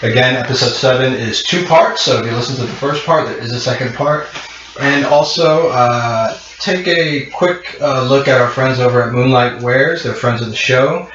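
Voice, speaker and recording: A man's voice: mid-range voice, normal speed, fairly bright tone, slight background noise. A man narrating a tabletop game as game master, rambling with many fillers. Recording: muffled echoey room.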